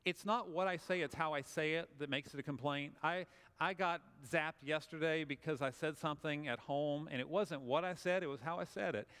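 A man's voice: a little high, fairly quick, fairly bright tone, smooth. A man with a Southern US accent giving a conversational, humorous motivational talk, acting out little scenes for the audience. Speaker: speaker. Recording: long hall reverb.

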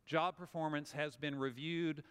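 A man's voice: a little high, steady tone, a little slow, a bit bright, clear, resonant tone. A man with a Southern US accent giving a conversational, humorous motivational talk, acting out little scenes for the audience. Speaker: speaker. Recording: long hall reverb.

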